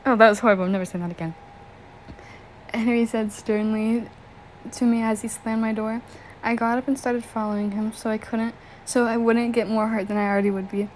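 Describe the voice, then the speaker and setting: A woman's voice: a little high, steady tone, brisk, a little mellow, slight background noise, rough recording. Giggly young woman reading fan fiction. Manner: giggly, breaks off to react and joke. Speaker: story reader.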